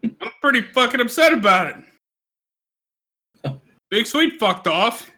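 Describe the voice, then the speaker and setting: High, bright-voiced ranting drunk man. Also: animated, unhurried. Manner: profane, ranting, loud outbursts. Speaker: podcast host. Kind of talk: casual drunk chat.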